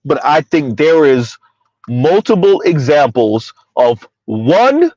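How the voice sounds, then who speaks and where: During a casual livestream, a man unhurriedly reads viewer chat and poses rhetorical questions, often tossing in "Right?" and pitching up sharply when incredulous. His darkish voice has big pitch swings. The recording is dry, slightly dull lo-fi audio with no echo.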